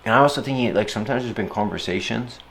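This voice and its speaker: A young man talking casually about handling stress, playful and animated, often slipping into silly voices and acted-out quotes. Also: fairly low pitch, fast talker, gravelly. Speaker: speaker reflecting on stress. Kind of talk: casual reflective monologue.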